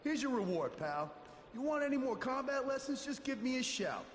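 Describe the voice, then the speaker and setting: A man's voice: extremely high pitch, very animated, moderate pace, roomy sound, in a large hall, a loud crowd. An actor playing a cocky male fighter with a Brooklyn accent, wisecracking and brash.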